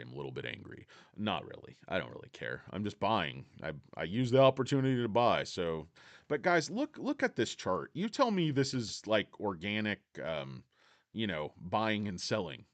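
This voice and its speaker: A man hosts a casual stock market livestream in a brash, profane way, talking straight to his viewers and reading out their chat. His pitch swings widely, rising and falling as he goes. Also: big pitch swings, moderate pace.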